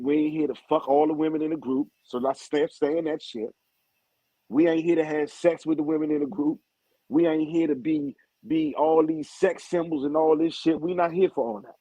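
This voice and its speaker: A man's voice: fairly high pitch, creaky, mellow, breathy edge, no room sound. A man hosting a live video-call group talk, speaking bluntly and emphatically with a lot of cursing. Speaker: group admin and host. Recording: dull lo-fi stream audio.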